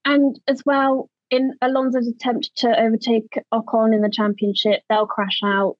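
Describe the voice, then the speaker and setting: A woman's voice: fairly high pitch, level tone, normal speed, no room sound, highs cut off. A woman co-hosting a podcast in playful casual chat. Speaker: podcast co-host.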